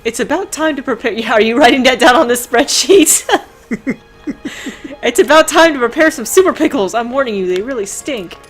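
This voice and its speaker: Speaking at normal speed with lively intonation, a woman with a fairly high, husky voice runs a casual let's play session. She reads out the characters' lines and laughs a lot, with faint music behind her.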